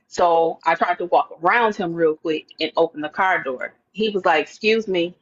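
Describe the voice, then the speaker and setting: A woman telling a lively personal story in an interview, acting out her own thoughts and the other people's words. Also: fairly low pitch, normal speed, hardly any pauses, breathy edge, highs cut off. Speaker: interview guest. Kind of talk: animated storytelling.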